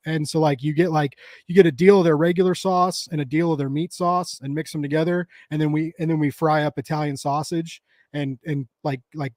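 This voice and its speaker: A man's voice: on the high side, darkish tone, dry recording, clean studio sound. A man in his thirties from the United States, rambling casually with lots of fillers, restarts and laughs as a podcast co-host. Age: 30s. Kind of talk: casual chat.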